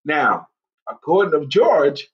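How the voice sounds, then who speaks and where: A man hosting a live online show, casually chatting, reading viewer comments and telling stories with lively impressions. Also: fairly high pitch, slow pace. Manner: animated storytelling, bursts into loud impressions. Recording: lo-fi dull sound.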